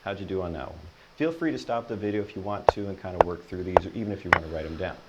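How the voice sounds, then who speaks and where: A man teaching a Spanish lesson, patiently explaining and repeating each example sentence slowly and encouragingly. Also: low-pitched, very noisy.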